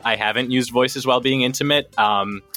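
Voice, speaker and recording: A man's voice: mid-range voice, fairly even intonation, normal speed, bright, forceful tone, soft background music. A man who is a voice actor, talking casually in an interview, rambling and hesitant with lots of fillers. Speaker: voice actor guest.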